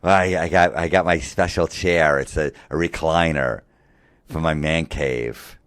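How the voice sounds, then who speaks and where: A man putting on a slow, dopey sports-fan guy. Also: very deep voice, steady tone, fairly bright tone, no room sound. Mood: dopey, earnest. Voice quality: slow, dim-witted drawl. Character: dopey middle-aged sports-obsessed man. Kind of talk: stand-up rant impression.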